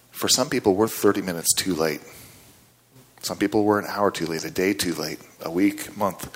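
With a low, husky voice, a man preaches a sermon built on storytelling. He is earnest and conversational, frequently checking in with his listeners.

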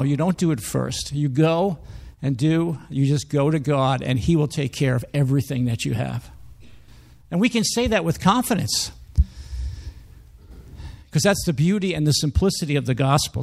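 A man's voice: on the high side, moderate pace, creaky. A man preaching a sermon in a conversational, emphatic way, reading scripture and acting out quoted speech.

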